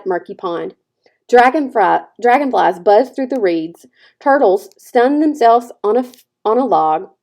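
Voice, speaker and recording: An expressive woman reads a children's novel aloud, her pitch climbing and dipping with the story. She tells it like a teacher reading to a class, gentle and clear. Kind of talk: children's book read-aloud.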